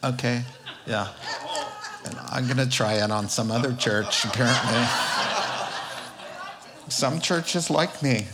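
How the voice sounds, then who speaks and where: A man preaching a sermon in an animated, jokey way, acting out quotes with big swings in his voice. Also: medium pitch, slow pace, pauses often, heavy background noise.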